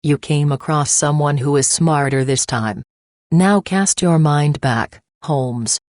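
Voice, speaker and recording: A woman reading the part of a cruel, gloating middle-aged male poisoner with a slow, taunting manner. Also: sits low, darkish tone, no echo, clean studio sound.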